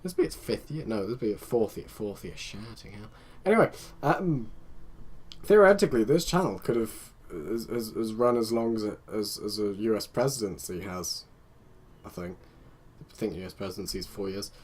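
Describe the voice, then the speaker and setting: A man's voice: fairly low pitch, expressive, normal speed, a little mellow, a little hiss or hum. Rambling man commenting on gameplay. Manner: rambling, chatty, talks to himself. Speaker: let's play host.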